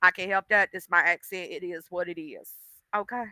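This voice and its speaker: Brief: outspoken woman streamer, very bright and smooth, dry close sound, rambling casual chat. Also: on the low side, moderate pace, no room sound. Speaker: livestreamer.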